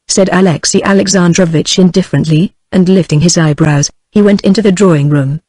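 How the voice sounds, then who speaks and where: A text-to-speech female voice with a British English accent, reading a novel aloud in an even, steady delivery. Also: lowish voice, fairly quick, hardly any pauses, breathy edge, no room sound, poor audio. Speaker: audiobook narrator. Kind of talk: synthetic audiobook narration.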